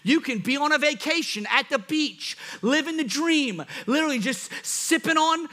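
High bright-voiced preaching man. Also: normal speed. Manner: animated, laughs at himself, acts out quoted thoughts. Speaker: pastor. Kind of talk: sermon.

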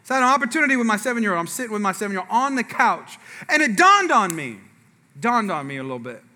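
A pastor preaches a sermon in church, telling a family story with acted-out dialogue and asides to the congregation. His voice sits high and sing-song, and he talks fast with a sharp tone.

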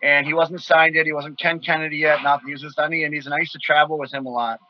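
Man, from Wisconsin, casual storyteller, animated, slightly high voice, muffled audio. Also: fast, no room sound. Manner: animated, acts out quoted voices loudly. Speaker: guest wrestler telling stories.

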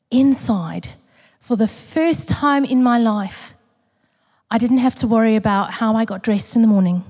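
A woman sharing a personal testimony in a sermon, earnest and emotional, building through repetition and dropping to a hush. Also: fairly high pitch. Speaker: church community speaker. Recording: long reverb of a large hall.

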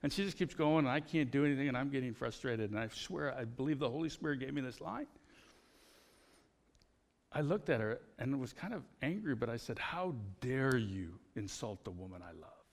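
A man preaching a conversational sermon as pastor, telling personal stories in an animated way. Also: mid-range voice, brisk, creaky, long reverb tail.

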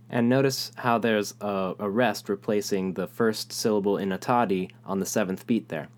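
Calm male rhythm teacher. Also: fairly low pitch, moderate pace, few pauses. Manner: calm, explanatory, speaks rhythm syllables aloud. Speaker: music teacher. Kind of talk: online rhythm lesson.

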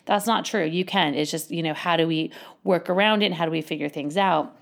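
Woman, casual storyteller, animated, slightly low pitch, acts out other people's lines, laughs a lot. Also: fairly quick, creaky. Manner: animated, acts out quoted voices, laughs often. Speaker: works with children.

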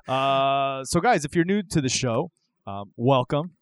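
A man's voice: medium pitch, expressive, unhurried, clear, resonant tone. A man co-hosting a podcast in casual chat, jokey and upbeat, laughing often. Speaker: podcast co-host.

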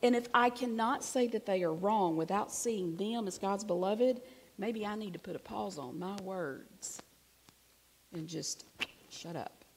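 A woman preaching a sermon, telling a personal story in a conversational way, swinging from hushed to emphatic. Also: mid-range voice, unhurried, slight background noise.

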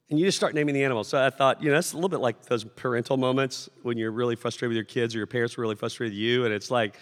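A man preaching a sermon to his congregation, conversational and animated, acting out shouted lines as he tells stories. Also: mid-range voice, very fast. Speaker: pastor. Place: church sanctuary. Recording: long hall reverb.

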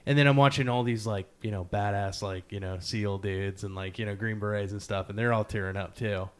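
A man's voice: lowish voice, fairly even intonation, brisk, clear, resonant tone. A man hosting a podcast in casual, earnest talk, rambling with many fillers. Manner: loose, rambling, heavy on fillers; earnest and emotionally open. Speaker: podcast host. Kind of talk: casual interview chat.

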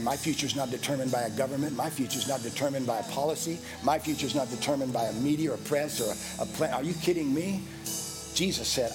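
Pastor guy preaching, keeps repeating lines and gets louder, music behind him. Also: mid-range voice. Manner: rising to loud exhortation, repeating phrases. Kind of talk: sermon.

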